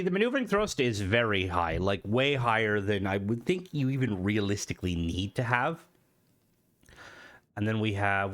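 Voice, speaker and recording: This gaming video host sounds congested and nasal because of hay fever, and his voice sits fairly low. His game commentary is casual and rambling, full of thinking out loud and sentences he keeps starting over.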